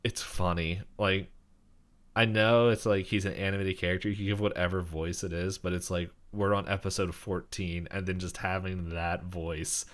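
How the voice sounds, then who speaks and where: A man's voice: low voice, little pitch movement, normal speed. A young man co-hosting a podcast, casually recapping a cartoon episode in a rambling way, with lots of fillers and laughter. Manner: rambling, many fillers, laughs while talking. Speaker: podcast co-host.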